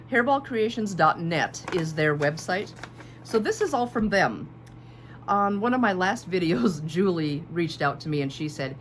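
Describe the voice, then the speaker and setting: A woman in her fifties chatting casually and enthusiastically on her quilting channel, showing off fabric at home and repeating her favorite phrases. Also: medium pitch. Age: 50s. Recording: faint background hum.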